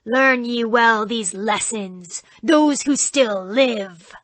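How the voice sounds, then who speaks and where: A woman voicing a man in a devil costume who preaches in a slow, booming, pompous way. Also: fairly bright tone, no room sound. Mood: solemn. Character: solemn male actor in a devil costume.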